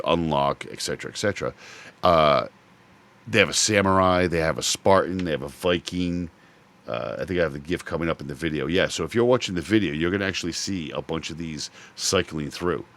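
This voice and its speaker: A middle-aged man hosting a podcast, chatting casually about games and telling animated stories, swearing freely. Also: low voice. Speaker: podcast host. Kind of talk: casual chat.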